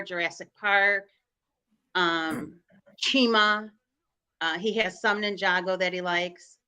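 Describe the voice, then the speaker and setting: A woman's voice: mid-range voice, pushed and bright. A woman with a Chicago accent, a guest on a live-streamed video call, telling rambling stories full of fillers and restarts. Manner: rambling, filler-heavy storytelling. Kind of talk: casual chat on a live stream.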